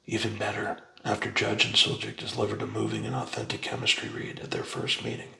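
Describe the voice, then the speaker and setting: A man reading a book aloud in a soft, unhurried ASMR whisper. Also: on the low side, sing-song, gravelly, reverberant, poor audio. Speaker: ASMR reader.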